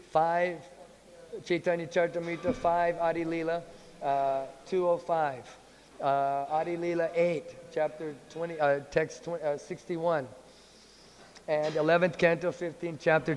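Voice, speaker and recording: A man giving a sermon in a temple hall, telling a story in a playful, animated way. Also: on the high side. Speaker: monk lecturer.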